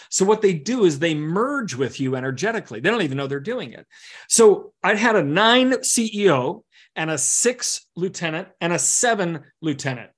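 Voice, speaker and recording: A man coaching a group through a teaching session, lively and full of quick asides. His voice sits a bit on the high side for a man. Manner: animated, with vivid analogies and asides. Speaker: executive coach. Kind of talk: teaching workshop talk.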